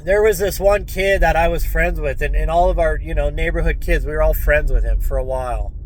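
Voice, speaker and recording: A man's voice: on the high side, a little hiss or hum, rough recording. A man hosting his own channel, speaking earnestly and repeatedly calling his listeners folks, at times choked up with emotion. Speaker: host. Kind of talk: heartfelt monologue to viewers.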